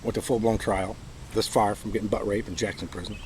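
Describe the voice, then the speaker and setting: A man's voice: on the low side, flat delivery, a little fast, darkish tone, a little hiss or hum, low-quality recording. A man with a Michigan accent telling his own story in an aggrieved, bitter, emphatic monologue. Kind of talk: personal monologue.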